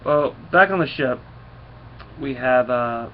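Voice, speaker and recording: A man's voice: mid-range voice, slow pace, narrow, tinny audio, slight background noise. A man giving a casual comic book recap, rambling and full of fillers.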